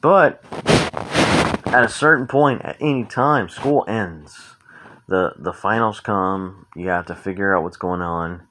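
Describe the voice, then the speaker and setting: A man's voice: deep voice, measured pace, bright, forceful tone, poor audio. A young man hosting a casual solo podcast, talking frankly and with plenty of swearing, rambling through his story and acting out what people said. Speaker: podcast host. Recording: noticeable background noise.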